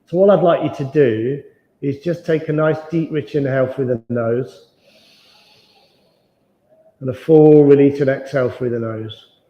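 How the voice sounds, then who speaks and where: A man leading a guided yoga class, giving calm, slow, soothing cues for movement and breathing. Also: medium pitch. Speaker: yoga instructor. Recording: dull, roomy sound with long reverb.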